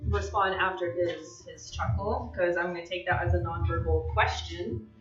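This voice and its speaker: A woman playing in a tabletop game, casually explaining in quick asides how her character reacts. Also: on the low side, fairly even intonation. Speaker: player. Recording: echoey, distant, dull sound.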